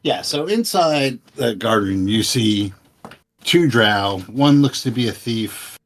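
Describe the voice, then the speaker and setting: A man narrating as game master of a tabletop game in a loose, unhurried way with many fillers. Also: medium pitch, lively intonation.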